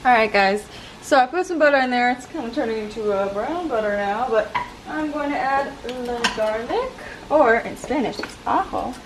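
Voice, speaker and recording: A young woman chats casually as she cooks in her home kitchen, joking at her own expense and laughing often. Her voice sits a little high. Clear frying sizzle runs under her talk. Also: lively intonation, normal speed, background noise. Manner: chatty and self-mocking, laughs often. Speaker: home cooking vlogger. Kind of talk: casual cooking vlog chat. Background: sizzling and stirring from the pan.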